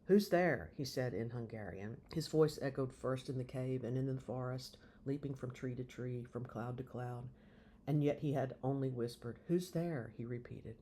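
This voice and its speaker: Man giving a measured audiobook reading. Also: mid-range voice, fairly even intonation, warm tone, a little hiss or hum. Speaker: reader of a novel.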